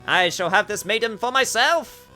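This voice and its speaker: A man's voice: high voice, expressive, moderate pace, pushed and bright, soft background music, pitched above the performer's own voice, heavily acted. Man doing a smug, menacing Grim Reaper.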